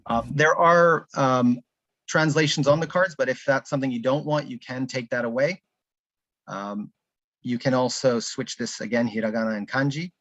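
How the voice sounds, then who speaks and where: A man's voice: mid-range voice, steady tone, moderate pace, a bit bright, no room sound. A man giving a casual online presentation of a learning app, thinking aloud with frequent ums and restarts. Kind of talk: live online conference presentation.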